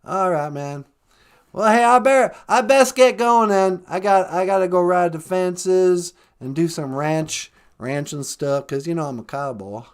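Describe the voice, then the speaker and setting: A man's voice: high voice, a little slow, clear, resonant tone. A man doing a comedy impression of a rambling, stammering ex-president cowboy with a drawl. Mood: folksy. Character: folksy boastful ex-president cowboy, male.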